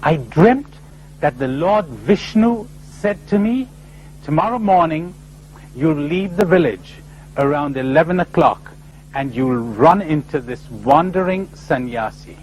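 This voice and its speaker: A man's voice: on the high side, expressive, a little slow, a little mellow, slight background noise, rough recording. A man telling it as an earnest village man. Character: excited young male villager telling a dream.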